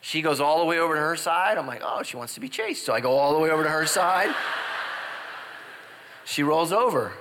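A man preaching a humorous sermon as a pastor, telling stories and swinging from loud high exclamations to quiet confessional asides. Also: a little fast, long pauses, big-room sound, background noise. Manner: animated, jumps into loud high exclamations and drops to hushed confessions.

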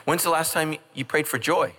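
A man's voice: on the high side, steady tone, normal speed, pushed and bright. A middle-aged man preaching a humorous sermon as pastor, joking and acting out quoted voices. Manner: jokey, acts out quoted voices.

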